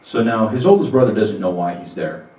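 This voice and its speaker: A man preaching in a church hall, his low voice recounting a Bible story in a chatty, storytelling manner. The room rings around him, he sits far from the mic, and the sound is narrow and phone-like. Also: big pitch swings, a little fast. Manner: storytelling, conversational with asides. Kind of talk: sermon retelling a Bible story.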